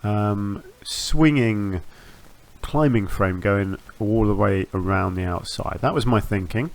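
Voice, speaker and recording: Man, lowish voice, gaming channel host, relaxed gameplay commentary, rambling, restarts phrases, lots of ums. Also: slow pace, gravelly. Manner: rambling, self-correcting, with frequent ums and restarts.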